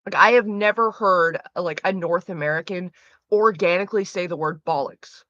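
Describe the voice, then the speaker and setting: A woman's voice: fairly low pitch, moderate pace, fairly bright tone, dry recording, dull audio. A woman streamer chatting casually with her viewers, rambling with lots of "like" fillers. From Canada.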